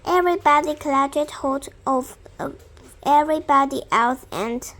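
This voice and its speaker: A young girl reading a children's storybook aloud, slowly and haltingly, stumbling and restarting on words. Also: high-pitched, a bit bright. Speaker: reader.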